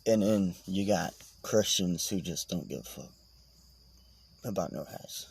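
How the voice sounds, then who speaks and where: A man's voice: low voice, animated, unhurried, vocal fry, darkish tone, husky. A man vlogging in a casual, meandering monologue, swearing and joking as he goes.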